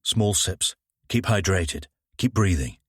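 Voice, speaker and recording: A calm male detective who keeps control and talks others through panic, read by the narrator in near his own voice. The voice is low and steady, recorded dry and close. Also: slow pace, breathy edge, dry recording, exaggerated voice. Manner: calm, firm, reassuring.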